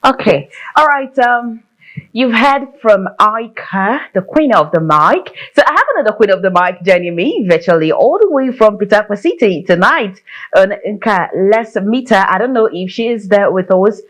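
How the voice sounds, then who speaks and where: A woman hosting a music talk show in a TV studio, lively and quick to laugh, with effusive welcomes. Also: mid-range voice. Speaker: TV show host.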